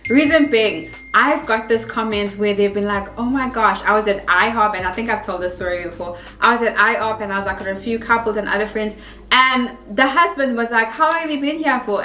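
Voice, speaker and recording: A woman's voice: fairly high pitch, fairly bright tone. A young South African woman with a South African accent, telling stories casually to camera and acting out other people's lines in shifting voices. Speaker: vlogger. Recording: roomy echo.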